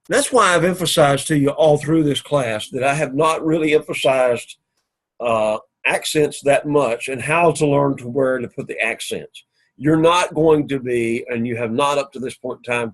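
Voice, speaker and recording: A man giving a recorded classroom lecture as a Greek teacher, explaining slowly and repeating points methodically. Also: medium pitch.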